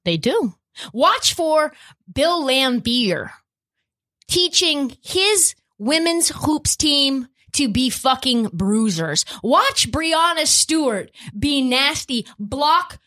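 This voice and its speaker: A woman's voice: high-pitched, sing-song, extremely slow, bright, forceful tone. A woman hosting a sports podcast, giving opinionated commentary in an emphatic, swearing, ranting way.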